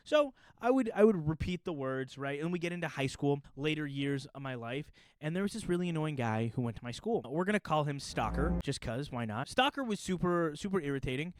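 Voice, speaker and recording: Animated young man chatting to camera. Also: fairly high pitch, a little fast, hardly any pauses, no echo. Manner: animated, joking, storytelling. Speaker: puppeteer and YouTuber. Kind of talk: casual chat to camera.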